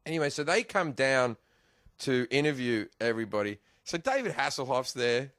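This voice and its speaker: A man's voice: mid-range voice, sing-song, normal speed, fairly bright tone, dry recording, studio quality. An Australian man, a guest comedian, telling rambling stories in casual podcast chat, swearing and laughing often.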